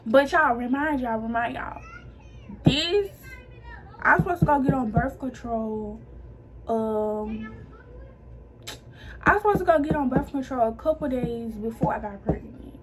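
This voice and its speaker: A woman's voice: high-pitched, animated, unhurried, pauses often, a little hiss or hum. A young woman vlogger telling her own story in casual, slangy chat to her viewers, animating the people she quotes. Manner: chatty and slangy, addressing viewers as y'all.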